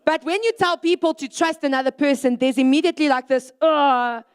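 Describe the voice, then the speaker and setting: A young woman giving an animated youth sermon to a live audience, acting out short exchanges with God. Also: high voice, quick pace. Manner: animated, acts out little voices for God and herself. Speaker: youth speaker.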